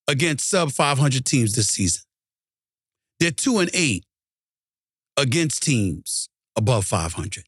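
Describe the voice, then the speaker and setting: A man's voice: medium pitch, sing-song, takes it slowly, pauses often, a bit bright, slightly rough, no echo, studio quality. A man hosting a sports talk show, ranting emphatically and repeating lines for punch. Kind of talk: ranting sports commentary monologue.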